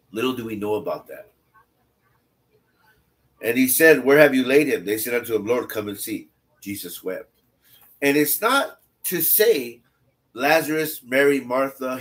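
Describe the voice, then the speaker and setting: A man's voice: fairly high pitch, a bit bright. Blunt, conversational male Bible teacher. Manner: blunt, conversational asides, repeats phrases for emphasis. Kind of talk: scripture reading with casual commentary.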